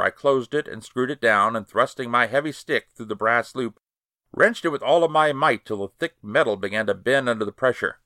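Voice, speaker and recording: Man reading an old ghost story, really lively pitch, bright voice, dry sound. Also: no room sound. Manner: measured, expressive first-person storytelling. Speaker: podcast host and reader.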